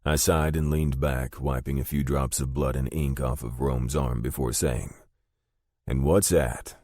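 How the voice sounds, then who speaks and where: A man with a very deep, dark voice narrates a first-person romance audiobook. The read is steady and deliberate, recorded close in a dry studio. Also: no echo.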